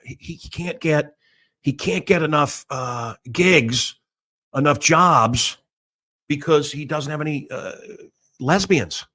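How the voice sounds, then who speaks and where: A middle-aged American man hosting a talk show, ranting in a loud, blustery and crude way that jumps from topic to topic. His voice sits a little high and sounds bright and forceful. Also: takes it slowly. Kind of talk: rambling political rant.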